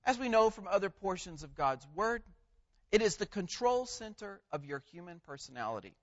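High-voiced, emphatic male preacher. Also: very animated, fairly bright tone, muffled recording. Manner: measured, emphatic delivery with pauses on key words. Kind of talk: sermon.

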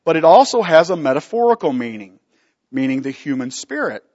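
A man's voice: fairly high pitch, sing-song, a little fast, darkish tone, long reverb tail, lo-fi sound. A man teaching a Bible study from slides, emphatic, putting questions to the class and answering them himself.

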